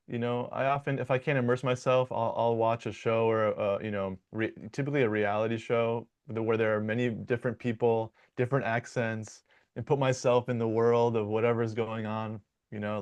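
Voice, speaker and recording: Male dialect coach from Michigan, mid pitch, explanatory and conversational, often restarts his words. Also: clean tone. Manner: explanatory, with frequent repetitions and restarts. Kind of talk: conversational interview answers.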